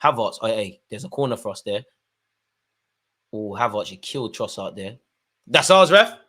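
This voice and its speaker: Excitable young man at a match. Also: fairly low pitch, moderate pace. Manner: excitable, shouts at players and referee. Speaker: football fan channel host. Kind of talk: live match watch-along commentary.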